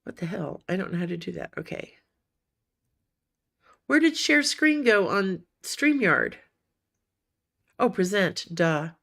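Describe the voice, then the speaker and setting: A woman's voice: medium pitch, very animated, takes it slowly, gravelly, pauses often, fairly bright tone. A woman hosting a casual livestream for writers, chatty and encouraging, calling viewers honey and sweetie, with a cough that keeps breaking in. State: coughing now and then.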